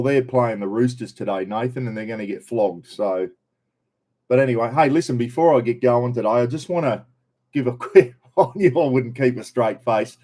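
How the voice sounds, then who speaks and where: An Australian man with a warm, medium-pitched voice hosts a casual live stream from a caravan on the road. He greets viewers by name, chatty and laid-back.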